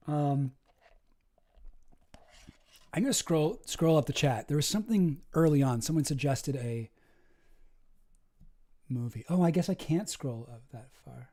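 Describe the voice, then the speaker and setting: A man's voice: fairly high pitch, animated, measured pace, pauses often, mellow. A young Canadian man with a Canadian accent, chatting casually on a live stream and answering his chat, rambling with lots of fillers and restarts.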